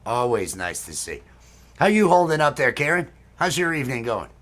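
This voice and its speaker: A male livestream host rambles along with easy fillers, talking over a video call. His pitch is average and his tone is relaxed. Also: normal speed. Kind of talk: casual chat on a livestream.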